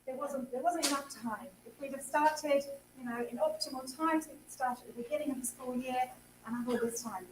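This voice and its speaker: A high-pitched woman addresses a school audience, repeating words as she thanks everyone. She sounds roomy, with faint noise behind her. The recording is from an assembly hall. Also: brisk. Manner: warm thanks, repeats words, switches briefly to Italian. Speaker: English teacher hosting a school speech event. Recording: echoey hall, from some distance.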